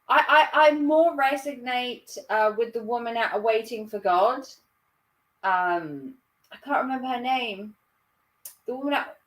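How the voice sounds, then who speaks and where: A woman's voice: a little high, fairly bright tone, distant mic. A woman in her thirties with a Norfolk accent, a livestream host chatting casually with viewers in a giggly, self-mocking way. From Norfolk, England. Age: 30s. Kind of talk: casual chat reading viewer comments.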